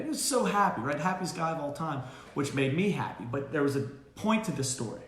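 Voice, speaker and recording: A man, a dog trainer hosting a casual live Q&A, who talks in an animated, storytelling way full of fillers and restarts. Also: a little high, a little fast. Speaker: dog trainer and show host. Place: boarding kennel room. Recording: roomy kennel room.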